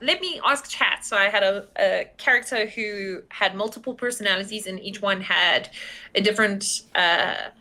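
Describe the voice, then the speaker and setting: A woman, a game master guesting on a podcast, talking in an animated, rambling way with frequent "like"s and self-mocking laughs. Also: mid-range voice, normal speed. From South Africa. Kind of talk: casual interview chat.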